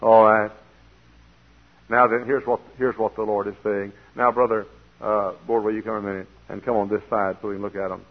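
A man preaching a folksy sermon in a church, sometimes swelling into loud, emphatic preaching. His voice is a bit husky, and it comes through a tinny, lo-fi old recording. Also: lowish voice, little pitch movement, fairly quick. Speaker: pastor.

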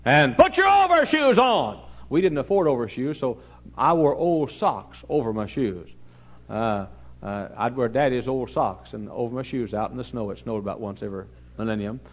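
A middle-aged Texan man preaches a folksy, funny sermon built on stories, swinging between loud and hushed. His pitch is medium, his pace moderate, and the audio sounds dull.

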